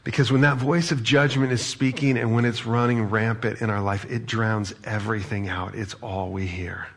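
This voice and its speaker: Male pastor giving a sermon, kinda husky and fry-ish, talks to the crowd like a chat. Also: fairly low pitch, steady tone, normal speed. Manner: conversational, asks the audience questions.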